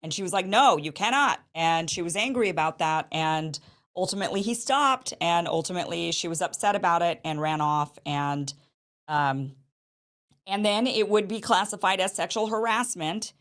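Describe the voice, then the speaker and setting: Female host, 30s, low voice; unscripted commentary, halting and reflective, lots of restarts. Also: fairly bright tone. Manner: thinking aloud, frequent restarts and "you know". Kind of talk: commentary on news allegations.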